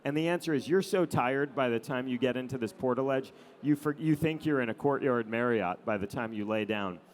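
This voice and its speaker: A middle-aged man, a photographer, telling anecdotes to an audience in a relaxed storytelling manner with frequent "um" and "you know". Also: medium pitch, brisk. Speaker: adventure photographer giving a talk.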